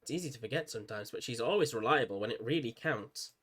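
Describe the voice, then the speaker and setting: A man playing through a story game, reading the text aloud and cracking excited jokes about it. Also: medium pitch, quick pace. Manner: excitable, jokey, laughs at the story. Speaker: gaming YouTuber. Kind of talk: let's play commentary and reading aloud. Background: game music.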